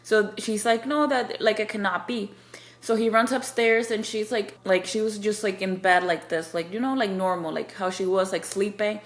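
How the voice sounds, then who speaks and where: This woman, a book reviewer, talks at a normal speed with a medium, steady voice and few pauses. She gives viewers a casual, spoiler-filled recap of a novel, rambling through fillers and restarts while performing the characters' lines.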